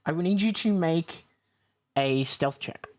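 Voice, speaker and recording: A man's voice: on the high side, measured pace. A man running a tabletop game over voice chat, talking casually and swearing. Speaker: game master.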